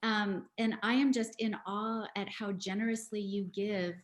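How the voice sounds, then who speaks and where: A woman's voice: medium pitch, steady tone, a little slow. Earnest woman giving a tribute from home. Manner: earnest, with frequent ums. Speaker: party guest. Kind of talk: heartfelt tribute speech. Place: her home. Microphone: video call.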